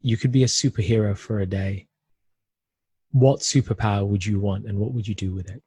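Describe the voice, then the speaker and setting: A man's voice: lowish voice, steady tone, brisk, mellow, a little hiss or hum. A man hosting an interview show, chatty, upbeat and affirming toward his guest. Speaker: podcast host. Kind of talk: casual interview chat.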